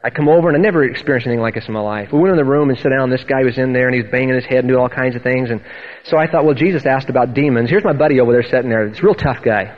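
Animated man preaching a lo-fi sermon. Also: medium pitch, very fast. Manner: animated storytelling, acting out quoted voices. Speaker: pastor. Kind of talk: sermon testimony.

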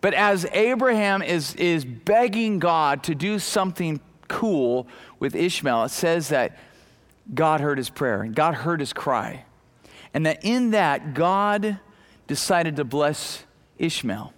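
A pastor with a slightly high voice preaches slowly but animatedly in a conversational style, acting out the people in the story with many fillers and restarts.

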